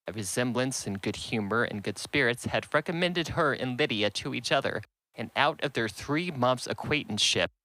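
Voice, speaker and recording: A man narrates a classic novel as an audiobook in a measured, steady way. His voice is bright and forward, at an average pitch. The recording is dry and close. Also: no echo, rough recording. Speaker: audiobook reader.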